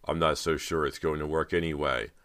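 A commanding film director trying to keep his frustration under control, voiced by a man in his own deep register. His voice is extremely low and steady. The recording is dry and close-miked. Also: fairly quick, dry recording. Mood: directing. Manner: firm and commanding, forcing down anger.

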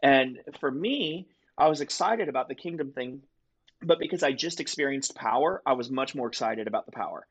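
A man's voice: medium pitch, lively intonation, fairly quick, slightly rough, poor audio. Earnest man telling a story. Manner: earnest, vivid storytelling with restarts. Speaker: guest telling his testimony. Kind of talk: conversational storytelling.

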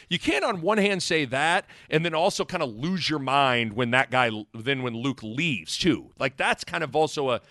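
A man's voice: a little high, normal speed, hardly any pauses, no echo, studio quality. A man co-hosting a sports podcast, talking casually and rambling with many restarts. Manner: rambling, self-correcting, animated. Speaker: podcast co-host.

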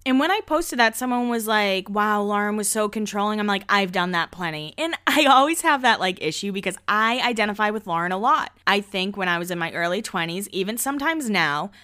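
A young woman talks through a reality show in a loose, gossipy way, acting out what people said and laughing often. Her voice is bright and smooth. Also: medium pitch, expressive, fairly quick, few pauses, faint music behind. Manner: chatty, laughs often, acts out quotes. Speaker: podcast host. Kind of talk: casual chat recapping a reality show.

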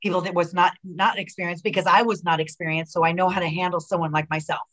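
A middle-aged woman in a relaxed interview, spinning stories with plenty of "like" and "you know". Her voice sits a little low, and she jumps into quoted dialogue with real animation. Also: fast talker. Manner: animated storyteller who acts out quoted dialogue, many fillers and restarts. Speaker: guest, retired pro wrestler. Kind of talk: casual interview chat.

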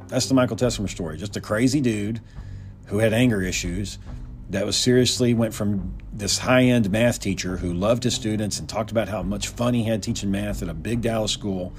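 A man casually telling a personal story in a loose, profane way, often repeating words. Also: fairly low pitch.

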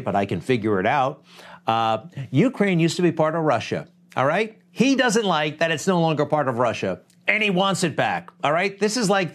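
A man hosting a political commentary show, delivering a blunt, conversational monologue full of rhetorical asides. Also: fairly high pitch. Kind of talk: opinionated talk show monologue.

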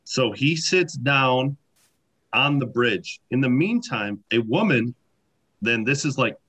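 A man telling stories in a casual chat, animated and full of fillers. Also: mid-range voice, takes it slowly, slightly rough. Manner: animated anecdotes, many fillers. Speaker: podcast guest. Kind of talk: casual storytelling.

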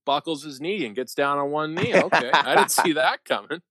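A young man co-hosting a podcast, joking around in a relaxed, slangy way. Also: on the high side, a little fast, dry recording. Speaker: podcast co-host. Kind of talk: casual chat.

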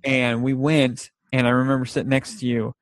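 A man in casual chat about movies, rambling and animated as he retells scenes. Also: mid-range voice, normal speed, dry recording.

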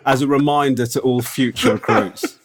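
A man's voice: medium pitch, fairly even intonation, normal speed, a little hiss or hum, close to an everyday voice. A man voicing a stiff male military official lecturing a widow, with a British accent and a dry, officious manner.

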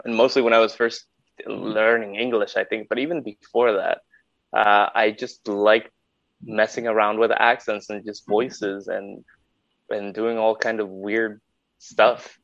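A man whose first language is Spanish, chatting as a podcast guest in a relaxed, joking way with some stammered restarts. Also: fairly low pitch, measured pace, gravelly, dry recording. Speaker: podcast guest, voiceover artist. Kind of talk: casual chat. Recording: dry, slightly dull sound.

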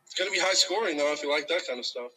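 Husky, bright-voiced young man chatting. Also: a little high, racing, poor audio. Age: young adult. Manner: hesitant, restarts with "uh". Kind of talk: casual chat. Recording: thin voice over a call.

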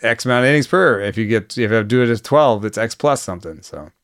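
Male baseball podcast guest, chatty, laughs a lot, smooth voice, lowish pitch, dry close sound. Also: expressive, quick pace, fairly bright tone, no echo. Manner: chatty, frequent fillers and self-restarts, laughs often. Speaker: baseball analyst. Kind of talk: casual podcast chat.

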